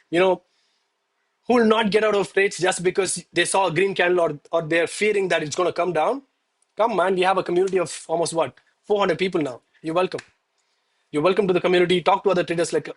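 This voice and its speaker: Husky, higher-voiced man preaching trading discipline. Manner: emphatic, preachy, repeats "okay" and "man"; emotional, admits getting worked up. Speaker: live-streaming gold trader. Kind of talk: live trading stream talk.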